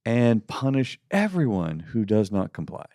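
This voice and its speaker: A man's voice: lowish voice, sing-song, unhurried, mellow, no room sound, studio quality. A middle-aged man co-hosting a faith podcast, talking casually and putting on mocking voices when he quotes people. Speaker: podcast co-host.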